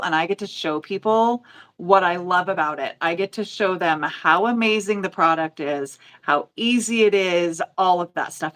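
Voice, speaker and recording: A woman's voice: lowish voice, a bit bright. A woman in her forties, a nail educator from the United States, telling stories in a casual, emotional way. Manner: emotional, storytelling with quoted voices. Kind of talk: casual chat.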